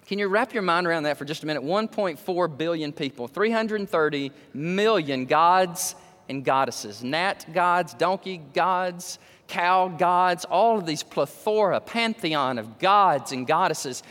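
A man preaching a sermon, telling stories that climb to excited, emphatic peaks. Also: fairly high pitch, measured pace, long reverb tail.

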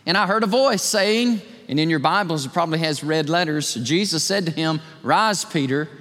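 A man preaching a sermon in a church, acting out voices with big swings of pitch. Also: moderate pace, fairly bright tone, big-room sound. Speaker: pastor. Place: church sanctuary.

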